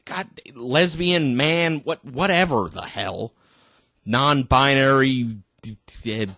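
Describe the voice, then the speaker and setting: A man's voice: mid-range voice, a bit bright, dry recording. A tipsy man ranting indignantly to camera, exasperated and stumbling over his words. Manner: indignant, exasperated, halting restarts. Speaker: vlogger. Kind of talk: ranting commentary.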